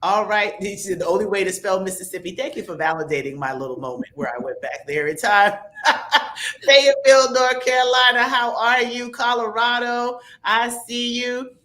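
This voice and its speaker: Upbeat woman host, bright tone, chatty shout-outs from viewer comments. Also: medium pitch. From American South. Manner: upbeat, chatty, reads viewer comments aloud with quick asides. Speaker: livestream host. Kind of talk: lively livestream shout-outs.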